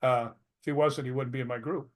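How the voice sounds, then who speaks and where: A man's voice: medium pitch, fast. An older man, a retired stuntman, telling stories as a guest in a casual interview, laughing and acting out what people said. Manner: animated storyteller who laughs and acts out quotes.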